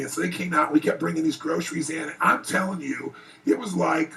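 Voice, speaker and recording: Gravelly man telling an earnest story. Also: fairly high pitch, quick pace, distant mic, poor audio. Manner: earnest, animated, rising excitement in retellings. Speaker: motivational speaker. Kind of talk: emotional personal storytelling speech. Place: private event before an audience.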